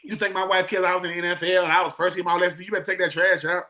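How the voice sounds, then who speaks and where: Guy in his 40s, high bright voice, animated storyteller, keeps repeating himself. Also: racing. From Swainsboro, Georgia. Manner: animated storyteller, acts out quotes, repeats words. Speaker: podcast guest, former pro football player. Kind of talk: casual podcast chat.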